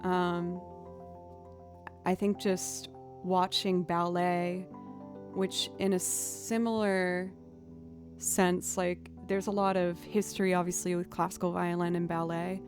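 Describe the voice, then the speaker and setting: A woman's voice: fairly low pitch, a little mellow. A woman musician chatting casually with her stream viewers, rambling and drifting off into tangents.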